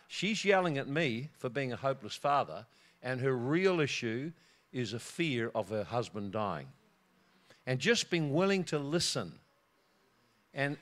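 A man's voice: medium pitch, fairly bright tone. A middle-aged man preaching a sermon, telling a personal story with frequent laughter and repeated words.

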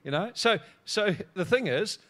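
A man's voice: sits high, expressive, normal speed, fairly bright tone. A middle-aged man preaching a sermon, telling a personal story with frequent laughter and repeated words.

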